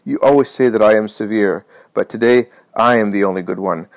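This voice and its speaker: A man reading as a crafty priest who puts on a show of pity in a spoken storybook. His voice sits slightly high and sounds sugary. The sound is dry and close. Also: a little fast, gravelly, no room sound. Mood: sly.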